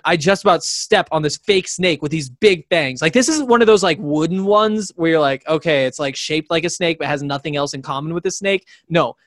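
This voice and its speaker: A man's voice: fairly high pitch, dry recording, clean studio sound. A man in his twenties co-hosting a sports podcast in casual chat, rambling through stories with lots of fillers. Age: 20s. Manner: rambling storyteller, many fillers.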